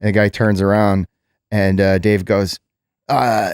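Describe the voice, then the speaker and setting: A man's voice: fairly low pitch, measured pace, clear, resonant tone, no echo, studio quality. Male co-host spinning a hesitant anecdote. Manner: relaxed anecdotal storytelling with hesitations. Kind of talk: casual podcast chat.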